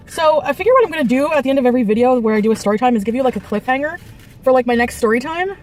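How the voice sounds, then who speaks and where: A woman's voice: high voice, animated, quick pace. A woman in her thirties telling a casual storytime from her parked car, chatty and laughing often, stopping to eat between sentences. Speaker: vlogger.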